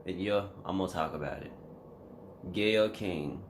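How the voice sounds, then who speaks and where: A man's voice: low-pitched, normal speed, slight background noise. A man vlogging a casual reaction commentary, emphatic and slangy, talking straight to his viewers.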